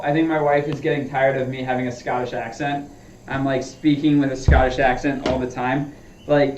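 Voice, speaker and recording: Talking himself through his golf swings, a man chats easily with viewers of his practice stream. His voice is on the high side and a little mellow; there's slight background noise, and the lo-fi sound is dull, distant and roomy.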